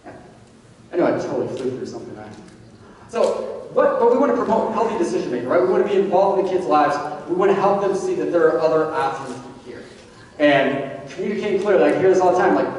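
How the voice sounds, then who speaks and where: Guy presenting to parents, chatty, lots of likes, kinda high voice, echoey hall from far off. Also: animated, fast, a little mellow. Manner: conversational, many fillers like "like". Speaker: addiction therapist presenting. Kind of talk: casual public talk to parents. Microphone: distant from the recorder. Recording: echoey hall from far off, faint background hum.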